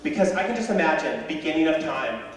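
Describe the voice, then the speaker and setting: A young man doing a stand-up comedy set, telling stories in an animated way and yelling some lines in a high voice. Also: quick pace. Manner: animated storytelling with high yelled voices for characters. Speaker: stand-up comedian and high school tennis coach. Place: high school auditorium with live audience. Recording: echoey hall, distant mic, audience noise.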